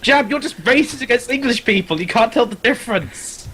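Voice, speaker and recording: Teasing, swearing man with an animated voice. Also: very high voice, brisk, slight background noise. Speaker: podcast guest. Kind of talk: casual chat.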